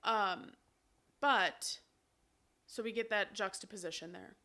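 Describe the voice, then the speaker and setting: A woman co-hosting a podcast, casually recapping a musical with lively, swearing retellings. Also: mid-range voice, takes it slowly. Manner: animated, swears casually, acts out quotes. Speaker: podcast co-host.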